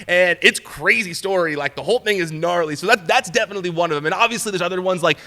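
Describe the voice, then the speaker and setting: A man, a guest in an interview, telling a story in an animated, casual way, laughing often and saying "like" a lot. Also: high-pitched, quick pace. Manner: animated, laughs often while telling stories, peppers talk with "like". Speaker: interview guest, news reporter. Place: talk show studio set.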